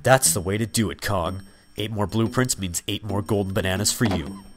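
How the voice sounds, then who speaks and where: A man voicing a gruff male video game character in a lowered, gruff voice, read over gameplay. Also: moderate pace, music in the background, lightly acted.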